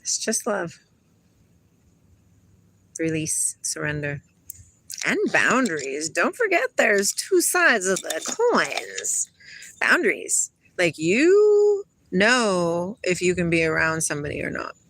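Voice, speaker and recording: A woman's voice: fairly low pitch, wildly swooping pitch, takes it slowly, fairly bright tone. A middle-aged woman vlogging a rambling spiritual monologue, laughing often and talking to her parrot.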